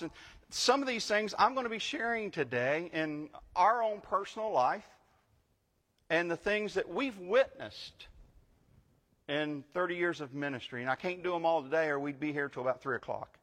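A man's voice: fairly high pitch, expressive, normal speed, sharp tone, long reverb tail. An older man giving a sermon as guest pastor, telling a story conversationally and building to emphatic preaching. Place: church sanctuary.

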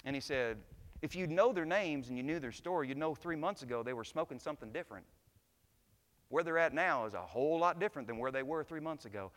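A man preaching a sermon to his church, telling stories and building to loud, impassioned climaxes. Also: fairly high pitch, lively intonation, fast, big-room sound. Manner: preaching, swells to shouts at climaxes. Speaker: pastor. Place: church sanctuary.

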